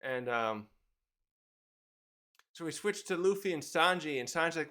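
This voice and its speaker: A man's voice: on the high side, expressive, a little slow, pauses often, pushed and bright. A man casually reviewing a manga chapter, rambling, correcting himself and reading the panels aloud.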